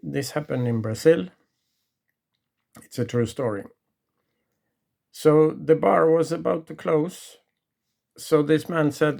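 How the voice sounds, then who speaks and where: Storyteller, man, gravelly and unhurried, halting delivery. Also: fairly high pitch, steady tone, a little mellow. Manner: halting, with restarts and pauses. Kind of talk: retelling a true story from memory.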